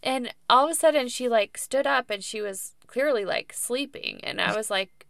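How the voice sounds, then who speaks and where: A woman's voice: mid-range voice, moderate pace, vocal fry, few pauses, bright, forceful tone, dry recording, clean studio sound. A woman in her thirties, a podcast guest, chatting casually about her birth story with plenty of fillers and laughs.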